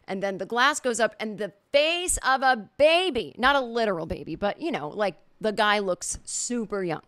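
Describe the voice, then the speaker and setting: A woman's voice: medium pitch, animated, normal speed, few pauses, fairly bright tone. A middle-aged woman hosting a podcast, telling a funny story in a casual monologue and acting out the quoted reactions. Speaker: podcast host.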